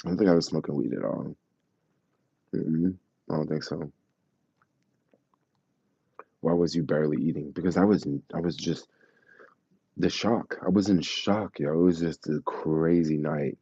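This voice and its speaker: A man casually telling his travel stories to a live chat, slangy and animated, acting out the people he quotes. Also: extremely low pitch, normal speed, gravelly, husky, no echo, highs cut off. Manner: animated, acts out quoted voices, laughs, slangy.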